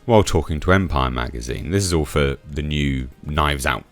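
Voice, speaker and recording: A man's voice: moderate pace, a bit bright, faint music behind. A man giving casual, sarcastic commentary, reading out quotes and reacting to them with sudden emphatic jumps in his voice. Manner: sarcastic, chatty, swings from low mutter to sudden high emphasis. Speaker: YouTube commentator.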